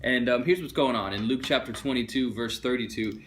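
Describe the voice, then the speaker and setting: A man preaching a funny, conversational sermon. He is an animated storyteller who slips into other people's voices as he tells the story. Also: mid-range voice, brisk, slight background noise. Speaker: pastor. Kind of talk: funny sermon with acted bits.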